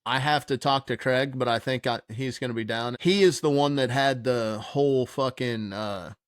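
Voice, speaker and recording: This man tells a long, rambling story in casual podcast chat, full of swearing and his own laughter. His voice sits at an ordinary pitch. It is recorded close and dry, with no room sound. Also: moderate pace, clear, resonant tone, no echo. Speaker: podcast host.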